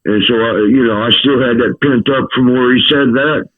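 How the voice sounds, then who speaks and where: A man's voice: mid-range voice, fairly even intonation, a little fast. Man telling stories over a tinny line. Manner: profane, laughing, stammering repeats. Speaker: podcast guest. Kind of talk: casual storytelling.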